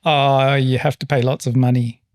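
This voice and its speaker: A man's voice: mid-range voice, flat delivery, moderate pace. Laid-back man chatting on a podcast. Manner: laid-back, easygoing and agreeable. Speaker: podcast co-host. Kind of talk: casual chat.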